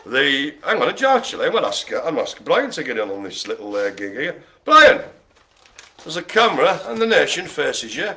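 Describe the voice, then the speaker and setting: Man, bingo caller, jokey banter, fairly high voice, sing-song delivery. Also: big pitch swings, brisk, hardly any pauses, pushed and bright. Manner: jokey, chatty, playful asides. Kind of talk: lively bingo calling with banter.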